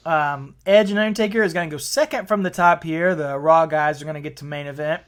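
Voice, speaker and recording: A man's voice: a little high, brisk. Laid-back male podcast co-host. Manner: laid-back, recaps matches with fillers. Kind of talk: casual podcast chat.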